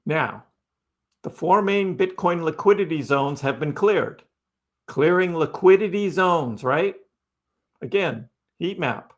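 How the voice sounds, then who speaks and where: Slow but animated, a man with a voice on the high side hosts a casual crypto livestream. He's chatty, goes over the same phrases again, often adds "right?", and replies to commenters in chat.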